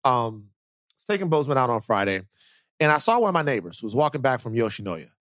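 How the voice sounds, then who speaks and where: A man hosting a podcast, telling stories in casual chat with lots of repeated words, sinking lower and softer when the story turns serious. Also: sing-song, fast, dry recording, clean studio sound. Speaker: podcast host.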